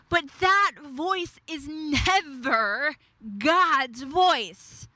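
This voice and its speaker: High, bright-voiced woman preaching slowly. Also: animated, no room sound. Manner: emphatic, repeats key phrases, slows on declarations. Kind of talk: devotional sermon.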